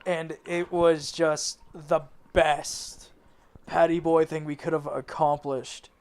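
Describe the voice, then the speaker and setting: A man's voice: a little high, flat delivery, slow pace, darkish tone, clean tone. A man in a band telling a rambling story in a casual interview, laughing and swearing as he goes. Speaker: band member. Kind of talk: casual anecdote.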